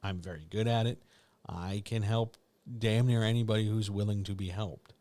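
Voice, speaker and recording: A man's voice: fairly low pitch, steady tone, moderate pace, dark tone, dry recording. A middle-aged man, a writing coach, talking candidly and ramblingly to viewers in a casual live chat. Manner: candid, rambling, self-deprecating.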